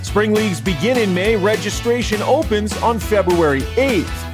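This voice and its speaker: A woman's voice: medium pitch, animated, moderate pace, over music. A woman reading a scripted radio ad in an upbeat, sing-song way. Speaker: ad announcer. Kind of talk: read radio ad.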